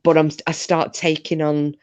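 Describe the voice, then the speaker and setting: A woman's voice: low voice, level tone, moderate pace, darkish tone, dry recording, muffled recording. A woman with a Northern English accent, originally from Scotland, hosting a casual chat and telling rambling stories with the odd swear word. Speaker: host.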